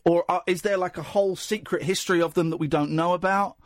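A man's voice: high-pitched, fairly even intonation, fast talker, no echo. A man hosting late-night talk radio, teasing and bantering, often repeating himself for comic effect. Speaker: radio host.

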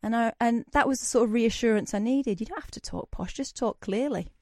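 A woman's voice: a little high, fairly quick, no room sound, studio quality. Chatty woman hosting late-night radio. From Manchester, England. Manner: chatty, teasing, laughs easily. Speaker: radio phone-in host. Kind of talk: late-night phone-in chat.

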